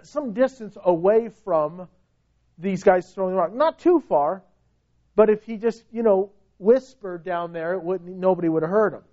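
High-voiced man preaching slowly. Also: lo-fi sound. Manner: dramatic, swings from hushed to loud cries. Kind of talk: sermon.

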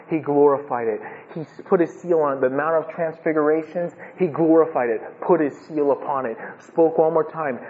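A man preaching an expository sermon, impassioned and building to emphatic peaks. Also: on the high side. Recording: lo-fi with long reverb.

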